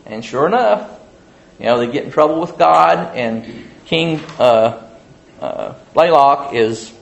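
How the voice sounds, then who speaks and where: A man's voice: fairly high pitch, vocal fry. Male Bible teacher, casual and folksy, rambling storyteller with many fillers.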